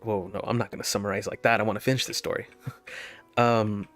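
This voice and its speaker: A man's voice: on the low side, level tone, fairly quick, a bit bright, soft background music. A man telling a casual story over gameplay, laughing often and restarting his sentences.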